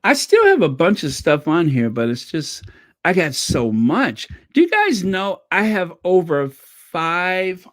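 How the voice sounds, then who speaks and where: A woman from a Caribbean island hosting a casual livestream, chatty and excitable as she thanks her viewers. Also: on the low side, slow. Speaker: livestream host.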